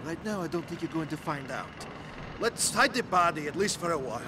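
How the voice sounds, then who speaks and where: An actor playing the hero's jumpy, paranoid cousin in a game, talking frantically and whining. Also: male voice, a little high, expressive, brisk, background noise, close to an everyday voice. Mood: panicky. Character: jumpy, paranoid cousin, young-ish man. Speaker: cousin of the hero.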